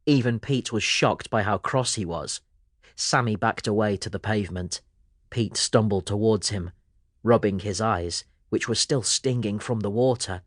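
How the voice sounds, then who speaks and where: A man narrating a children's audiobook in a lively storytelling manner. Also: on the low side, unhurried, dry recording, studio quality.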